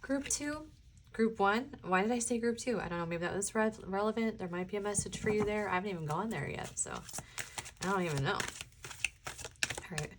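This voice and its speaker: A woman's voice: medium pitch, moderate pace, noisy background. A woman from the US Midwest, a tarot reader chatting casually through a pick-a-card reading, rambling and laughing often.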